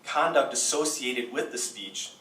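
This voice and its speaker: A man giving a courtroom rebuttal as prosecutor, measured and pausing with fillers. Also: medium pitch, fairly bright tone, slight background noise. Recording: roomy courtroom audio from a distance.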